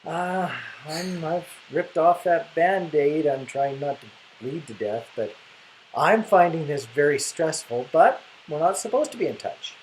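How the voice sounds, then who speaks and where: A man's voice: fairly high pitch, lively intonation, measured pace, slight background noise, poor audio. A man co-hosting a casual video, teasing his partner with dry jokes and mock bleeps. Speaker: co-host and partner, playing censor. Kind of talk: casual chat with comic interjections.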